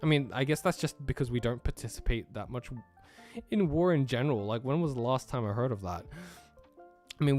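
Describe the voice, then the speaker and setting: A man with an American accent, raised in Australia, chatting casually on a live stream, reading out chat questions and laughing often. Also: medium pitch. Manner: laughs often, easygoing, trails off with fillers.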